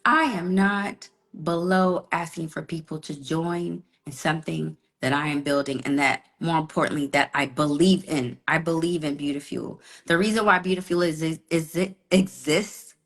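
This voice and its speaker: Woman business coach, motivational live talk, animated storytelling, slight cold. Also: sits low, normal speed, hardly any pauses. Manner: animated storytelling, calls listeners "y'all" and "honey".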